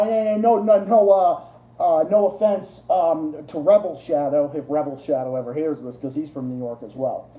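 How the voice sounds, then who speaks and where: A man hosting a live game stream, ranting in a loose, profane ramble full of restarts and repeats. His voice is dark and mellow, but it leaps sharply upward when he gets heated. The sound is roomy and echoey. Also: a little fast. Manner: excitable, jumps high in pitch when worked up. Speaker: livestream host. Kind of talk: casual ranting chat.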